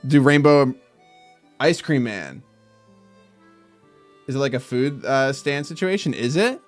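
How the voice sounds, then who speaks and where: A man streaming while he draws, reading viewer comments aloud and breaking into loud mock outrage with swearing. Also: medium pitch, lively intonation, measured pace, faint music behind. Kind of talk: casual live-stream chat while drawing.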